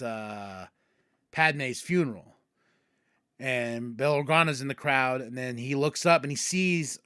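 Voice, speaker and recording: A man hosting a podcast, retelling episodes in casual chat and excitedly acting out characters' lines. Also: medium pitch, smooth, dry recording, clean studio sound. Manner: excitable, acts out characters' lines mid-story. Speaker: podcast host.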